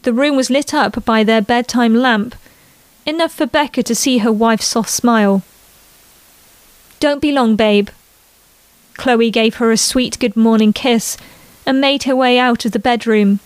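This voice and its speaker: A woman narrating a family story in an unhurried reading voice. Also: on the high side, clear, resonant tone, no echo.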